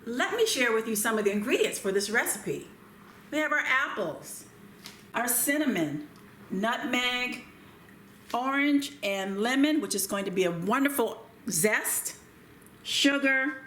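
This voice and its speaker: Woman, cooking show host, gentle unhurried talk, echoey kitchen, faint room hum. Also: fairly high pitch. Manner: gentle, unhurried, talks while working. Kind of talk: cooking demonstration with calm chat. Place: home kitchen.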